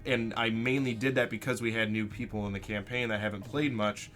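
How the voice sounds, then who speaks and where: Male host and game master, bright tense tone, explanatory casual chat. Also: fairly low pitch, fairly even intonation, brisk, soft background music. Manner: explanatory, talks things through at length. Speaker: podcast host and dungeon master. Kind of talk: casual chat about role-playing.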